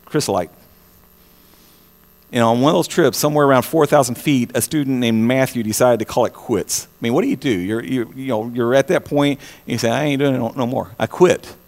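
Male pastor, impassioned sermon, slightly high voice, long hall reverb. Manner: impassioned, repeats words, swings from loud to hushed.

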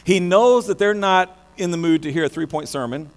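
An American man preaching a sermon, animated, often restarting his words mid-phrase. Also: high voice, normal speed. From United States. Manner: animated, many restarts and stammers. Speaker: pastor. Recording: long hall reverb with mains hum.

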